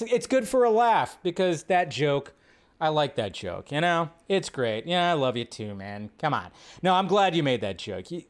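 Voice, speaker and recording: A man hosting a live movie news stream, joking, reacting to chat and riffing casually. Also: a little high.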